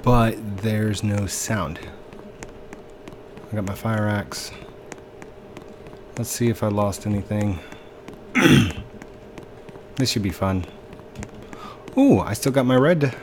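A man casually commenting on his own gameplay as host, chatty and sighing at glitches. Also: fairly low pitch. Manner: chatty, sighing, mildly exasperated. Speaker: gaming video host. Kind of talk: casual let's-play commentary.

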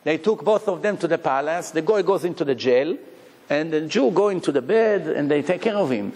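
A man preaching as a rabbi, telling parables with lively rhetorical questions. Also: a little high, fairly quick, slight background noise. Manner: animated storytelling with rhetorical questions. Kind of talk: sermon. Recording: long hall reverb.

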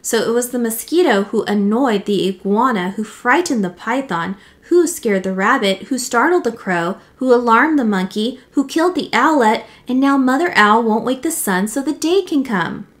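A woman's voice: fairly high pitch, animated, normal speed, few pauses, natural voice. A proud lion king presides over the animal council in a stately, judging tone, as a woman reading aloud voices him. He is the ruler of this storybook world and sounds like one. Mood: solemn.

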